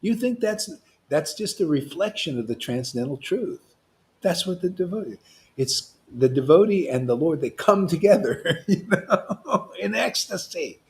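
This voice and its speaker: A man preaching informally to his followers, in a voice that sits a little high for a man. He is animated and provocative, jumping from loud outbursts to near-whispered asides, with frequent laughter. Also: normal speed. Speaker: spiritual teacher.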